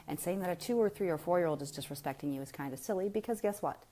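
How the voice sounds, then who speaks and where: There's slight background noise as a woman with a lowish, mellow voice talks quickly. She gives a blunt, emphatic parenting talk on a casual live stream, speaking straight to viewers and posing plenty of rhetorical questions.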